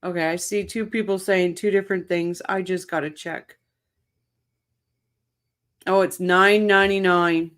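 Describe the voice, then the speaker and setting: A woman hosting a casual livestream, chatting excitedly, laughing often and reading viewer comments aloud. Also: on the low side, unhurried, pauses often. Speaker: livestream host. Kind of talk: casual live-chat commentary.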